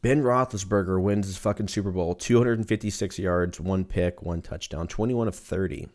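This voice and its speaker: A young man with a lowish voice rambles through a casual solo chat. He swears freely and wanders from point to point in a loose, conversational way. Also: normal speed, a little mellow.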